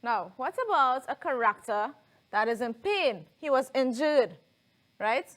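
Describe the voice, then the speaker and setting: A woman's voice: high voice, expressive, a little slow, fairly bright tone. A woman with a Trinidadian accent teaching a televised lesson, explaining step by step and often checking in with "right?".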